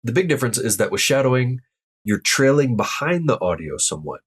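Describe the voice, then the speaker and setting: A man's voice: mid-range voice, big pitch swings, fairly quick, breathy edge. A man teaching an online language lesson, explaining tone rules step by step and demonstrating each sound aloud. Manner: upbeat, addresses viewers directly. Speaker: Mandarin tone teacher.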